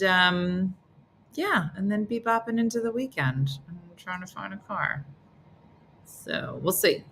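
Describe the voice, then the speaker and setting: A woman's voice: pushed and bright, slight background noise. A middle-aged woman hosting a casual live morning chat, playful and teasing as she talks to her viewers. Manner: playful, teasing, bursts into high silly voices for others. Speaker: live show host.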